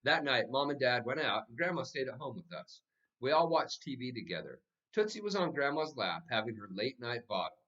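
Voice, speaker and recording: Lively male storybook narrator. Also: medium pitch, fairly quick, highs cut off. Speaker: audiobook narrator. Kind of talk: scripted narration.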